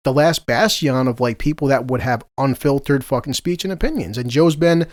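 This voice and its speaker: A man's voice: medium pitch, normal speed, no room sound, studio quality. A man hosting a casual podcast, ranting heatedly and swearing freely. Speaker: podcast host.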